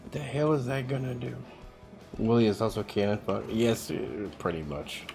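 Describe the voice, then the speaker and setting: A man's voice: medium pitch, expressive, moderate pace, creaky, darkish tone, soft background music. A man streaming a game, chatting casually with viewers while he plays, rambling and swearing freely. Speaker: livestreamer.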